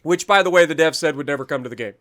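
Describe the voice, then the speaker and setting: A man's voice: a little high, rapid-fire, fairly bright tone. A man hosting a gaming channel, reading out patch notes in a chatty, self-mocking way, stumbling over foreign names and breaking into little rants. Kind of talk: casual patch-notes commentary.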